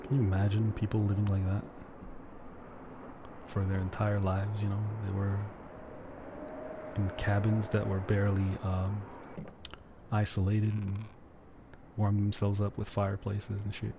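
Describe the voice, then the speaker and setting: A man's voice: fairly low pitch, completely flat delivery, unhurried, long pauses, background noise. A man from Quebec casually commenting on a game he plays, joking with his chat and reading game text aloud. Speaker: gaming streamer. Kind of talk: casual let's-play commentary.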